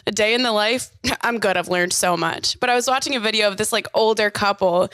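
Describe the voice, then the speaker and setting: A woman's voice: medium pitch, fairly bright tone, no echo. A woman in her twenties co-hosting a podcast, teasing and playful in casual chat. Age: 20s. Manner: teasing, playful, quick backchannels. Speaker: podcast co-host.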